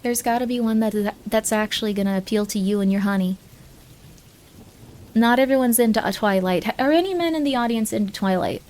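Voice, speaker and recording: A woman on a live stream chats in a slightly high, darkish voice, talking fairly quickly over slight background noise. Her rambling, jokey talk is full of moments where she cuts herself off.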